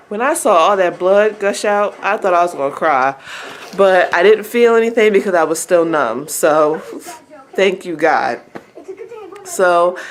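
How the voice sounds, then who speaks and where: A young woman telling her birth story in a casual home vlog, chatty and laughing often, with her baby beside her. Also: on the low side. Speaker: vlogger.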